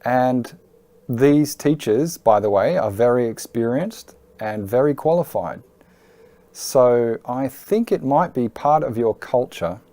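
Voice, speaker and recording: Male tutor for a lesson video; unhurried delivery, relaxed low timbre, clear patient explanations. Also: no echo. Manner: clear, patient, emphatic teaching. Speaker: IELTS teacher. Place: Hong Kong.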